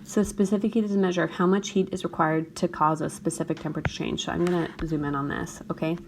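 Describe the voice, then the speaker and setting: Woman teacher, screencast lecture, gravelly morning voice, lowish, noisy recording. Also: steady tone, fast talker. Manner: talks through a chemistry problem, checks in with "okay?" often.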